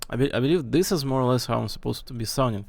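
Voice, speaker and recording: A man streaming from home thinks aloud in a casual mic-check ramble, moving nearer to and farther from his desk mic to hear how it sounds. His mid-range voice is darkish with vocal fry, and he talks very fast.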